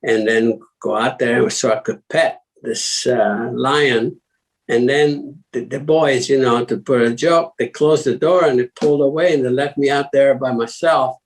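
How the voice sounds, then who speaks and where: A man's voice: mid-range voice, fairly even intonation, unhurried, rough recording. Rambling older man, many fillers. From Italy. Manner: rambling, lots of fillers and restarts, chuckling. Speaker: guest, former racing driver. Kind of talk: casual interview talk.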